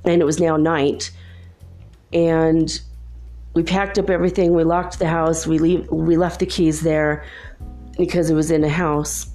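A woman's voice: deep voice, flat delivery, unhurried, mellow, faint music behind. A woman telling a personal story in a rambling, earnest way, with many asides.

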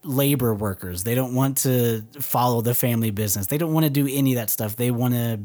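A man's voice: medium pitch, brisk, mellow. Young man from texas, podcast co-host, enthusiastic, quotes film lines, casual.

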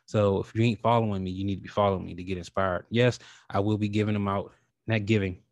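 A man hosting his own podcast in a casual, rambling way, talking with animated feeling and casual swearing. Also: fairly low pitch, fast talker, no echo. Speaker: podcast host. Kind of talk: casual solo podcast talk.

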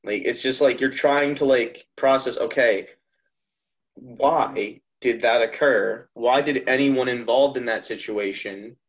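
A young man on a podcast trading sarcastic, deadpan jokes in casual chat. His voice sits at an ordinary middle pitch for a man, and the recording sounds a little dull and lo-fi. It is relaxed banter between friends. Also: a little slow. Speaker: podcast co-host.

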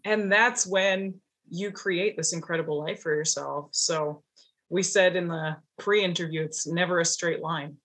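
A woman's voice: fairly low pitch, fairly even intonation, measured pace, a bit bright. A woman from Canada hosting an interview, talking with enthusiasm and reflection and laughing often. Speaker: podcast host. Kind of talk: casual interview chat.

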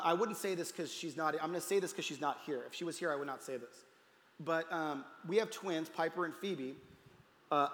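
High-voiced man preaching in an echoey hall. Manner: storytelling, voices quotes, softens to near hush at tender moments. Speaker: pastor. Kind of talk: sermon story. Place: church hall. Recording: roomy hall reverb.

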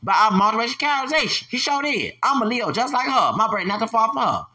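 A man in his forties delivering an angry, profane solo podcast rant. He stammers, restarts his sentences and breaks into loud, heated bursts. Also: very high voice, lively intonation, fast talker. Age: 40s. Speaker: podcast host.

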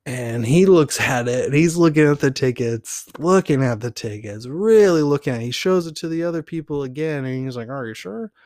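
A man hosts a podcast, telling a personal story in a casual, animated and rambling way, full of fillers. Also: mid-range voice, fairly quick, hardly any pauses, no echo, clean studio sound. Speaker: podcast host.

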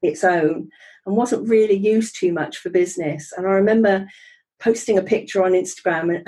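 A woman's voice: mid-range voice, moderate pace, dark tone, breathy edge, rough recording. A middle-aged woman, telling her life story as an interview guest in a chatty, wry way, with frequent ums and restarts. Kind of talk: conversational storytelling.

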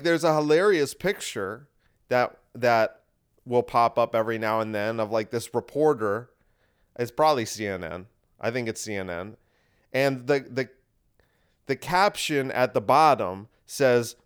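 In a smooth, medium-pitched voice, this podcast host talks through a relaxed, wry monologue that rambles and keeps looping back on itself.

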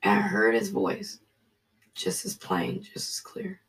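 A Bible study leader reading scripture and telling a personal testimony, earnest and halting, dropping to a hushed voice. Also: medium pitch, big pitch swings, recorded from a distance.

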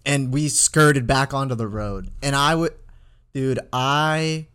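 A man's voice: medium pitch, slow, fairly bright tone, clear, resonant tone. A young man in his twenties, co-hosting a podcast and telling a rambling story full of fillers in casual chat. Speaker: podcast co-host.

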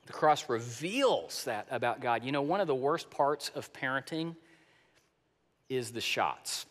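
A male pastor preaching a sermon with emphasis, moving between loud declarations and soft, hushed lines, and often repeating words as he speaks. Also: medium pitch, lively intonation, a little slow. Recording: long reverb of a large hall.

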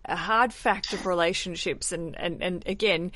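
A woman's voice: fairly low pitch, moderate pace, fairly bright tone, no room sound. A woman hosting a podcast, chatting candidly and swearing casually. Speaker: podcast host.

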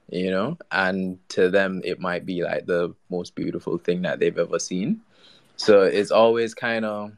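A man with a very low voice talks reflectively about his craft in a measured way. The sound is dry and close. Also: gravelly, no echo. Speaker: artist guest. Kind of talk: casual online group chat.

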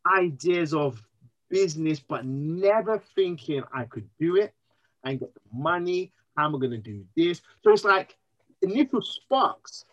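A man, speaking as a podcast guest, earnest and emotional, telling his story in an animated way. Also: high voice, highs cut off. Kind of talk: candid interview conversation.

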